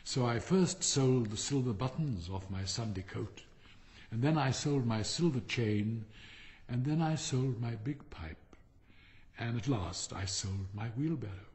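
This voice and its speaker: A man's voice: medium pitch, a little slow, a little mellow, big-room sound, natural voice. A man voicing a simple, humble young gardener who speaks meekly and eagerly.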